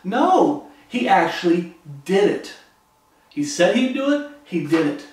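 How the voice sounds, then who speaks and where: High-pitched preacher guy, fired up, super echoey room, mic far off. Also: very animated, slow. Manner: fervent, acts out quoted voices. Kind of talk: sermon.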